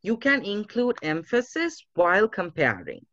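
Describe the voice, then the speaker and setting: A man teaching English in an online class, explaining slowly and reassuringly, with halting fillers over a video call. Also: high-pitched, wildly swooping pitch, a bit bright, dry recording. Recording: muffled video-call audio.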